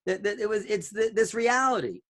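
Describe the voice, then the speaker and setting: A man's voice: sits high, expressive, fairly quick, fairly bright tone. Man rambling through a panel talk. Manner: rambling, many fillers and restarts. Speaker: podcast host.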